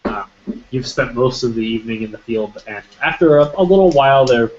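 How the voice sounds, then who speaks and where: A man narrating a tabletop game as game master, halting, with many ums and restarts. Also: mid-range voice, lively intonation, darkish tone, a little hiss or hum. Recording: muffled lo-fi recording.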